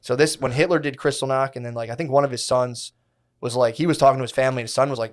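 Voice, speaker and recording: A man's voice: medium pitch, steady tone, rapid-fire. A young man co-hosting a podcast, telling a story in casual, profane slang and putting on mocking voices for the people in it. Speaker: podcast co-host. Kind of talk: casual chat.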